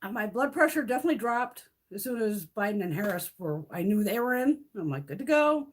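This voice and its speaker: A woman's voice: mid-range voice, lively intonation, a little fast. A middle-aged woman vlogger ranting bluntly in a casual livestream, swearing freely and laughing often. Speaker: beauty vlogger.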